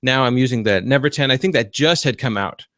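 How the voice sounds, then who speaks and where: A man hosting a casual podcast, talking loosely with plenty of "um"s and restarts. His voice sits at an ordinary middle pitch, and the sound is close and dry. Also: brisk, fairly bright tone, no echo. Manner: rambling, many restarts and fillers. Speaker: podcast host; computer repair business owner.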